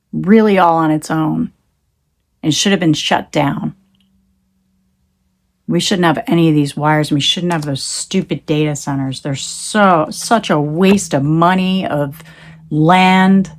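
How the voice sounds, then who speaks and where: A woman's voice: sits low, slow pace. A woman talking into her phone in a rambling, emphatic monologue, swearing when she gets heated. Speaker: tarot reader.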